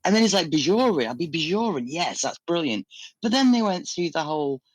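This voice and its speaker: Playful woman with a lively voice. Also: sits low, brisk, slightly rough, no room sound. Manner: hesitant, playful, thinks aloud. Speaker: podcast panellist. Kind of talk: casual panel chat.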